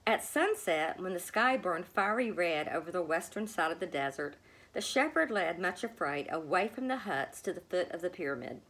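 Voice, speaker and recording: A woman reading a children's storybook aloud, with a gentle, expressive manner. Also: lowish voice, normal speed. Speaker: storybook reader. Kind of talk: storybook read-aloud narration.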